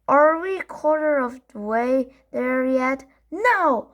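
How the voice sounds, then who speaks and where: A woman's voice: high voice, animated, takes it slowly, dull audio. A woman voicing a whiny, bratty young boy who demands and screams. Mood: whining.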